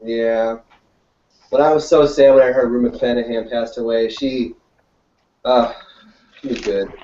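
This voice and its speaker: A man's voice: mid-range voice, steady tone, dark tone. Laid-back guy chatting, laughs a lot, far off mic in a roomy echo. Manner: laughs often, loose and halting. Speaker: podcast co-host. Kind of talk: casual chat. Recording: roomy, distant, lo-fi with faint hiss.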